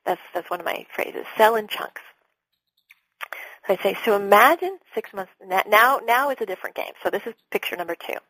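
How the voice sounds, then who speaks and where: A middle-aged woman speaks as a business coach on an interview show, her voice a little husky. She talks with animation and slips into little acted-out exchanges with clients. The sound is dry and close, with no room around it. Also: mid-range voice, fast talker, hardly any pauses, dry recording, low-quality recording. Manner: animated, acts out sales calls with clients. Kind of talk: podcast interview talk.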